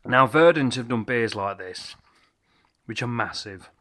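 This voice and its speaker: A man's voice: medium pitch, expressive, a little slow, sharp tone. A tipsy man rambles and corrects himself while reviewing a beer at a home bar. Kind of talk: casual beer review vlog.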